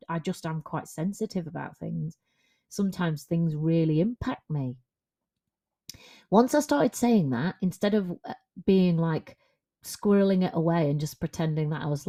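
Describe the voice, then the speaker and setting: Lady coach chatting on her podcast, low mellow voice, frank and lively. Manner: frank, conversational, animated. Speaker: confidence coach. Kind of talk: solo podcast monologue.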